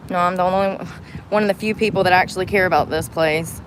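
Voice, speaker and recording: A woman's voice: fairly low pitch, steady tone, quick pace, slight background noise. A woman chatting casually and candidly to her viewers from inside a truck, rambling and cursing freely. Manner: candid, rambling, salty language. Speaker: vlogger. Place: inside a truck at a gas station.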